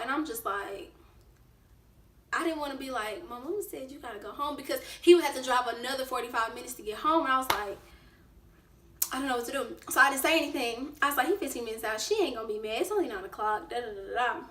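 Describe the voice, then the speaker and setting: A woman vlogger telling a casual storytime, lively and acting out what people said. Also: high voice, distant mic. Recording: roomy echo, away from the mic.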